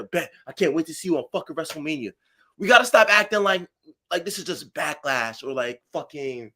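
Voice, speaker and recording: A man's voice: a little high, fairly bright tone, slightly rough. Heated, profane man on a podcast. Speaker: podcast co-host. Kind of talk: casual chat.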